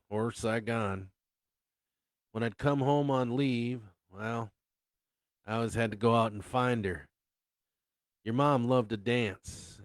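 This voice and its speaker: A man voicing an aging father, a weary, awkward ex-serviceman, who speaks in halting, apologetic fits. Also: mid-range voice, no echo, lightly acted. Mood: reminiscing.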